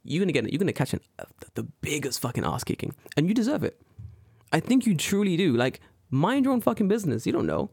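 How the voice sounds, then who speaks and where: A man's voice: on the high side, fast talker, gravelly, husky, no room sound, clean studio sound. A young man telling stories in a casual podcast chat, swearing freely and acting out the people in them. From lives in Japan five years. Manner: animated storyteller, swears a lot, acts out voices. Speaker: podcast co-host.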